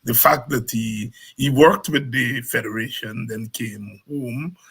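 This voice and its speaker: A male podcast host puts questions in a halting, searching way and often repeats his words. His voice sounds husky and a little rough. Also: medium pitch, fairly bright tone. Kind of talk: interview conversation.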